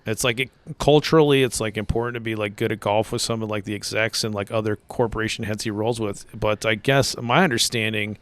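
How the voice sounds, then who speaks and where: A man's voice: fairly low pitch, fairly even intonation, a little fast, few pauses, fairly bright tone, clear, resonant tone. A man co-hosting a casual baseball podcast, rambling with lots of "like" and laughing often. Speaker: podcast co-host. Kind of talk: casual chat.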